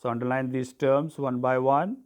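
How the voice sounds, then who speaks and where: Male teacher, mid-pitched voice, dictating a classroom lesson, spelling terms out, punctuating with "okay". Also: steady tone, normal speed, darkish tone, clear, resonant tone. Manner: dictating, spells words letter by letter, frequent "okay".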